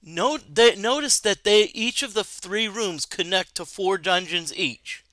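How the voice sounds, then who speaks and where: A man's voice: high voice, measured pace, few pauses, sharp tone, no room sound. A man streaming a video game, chatting casually and reading its text aloud. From United States. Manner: talkative, restarts, reads game text aloud.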